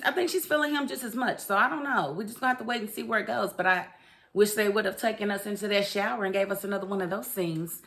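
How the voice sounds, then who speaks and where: A woman giving a sassy, chatty review of a TV episode, often laughing and speaking directly to her viewers. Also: medium pitch. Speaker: TV show reviewer. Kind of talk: casual review commentary.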